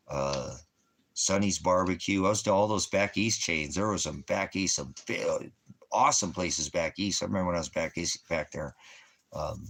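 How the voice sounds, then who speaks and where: Deep-voiced man rambling casually. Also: fairly bright tone. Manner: loose, filler-heavy, repeats himself. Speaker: vlogger.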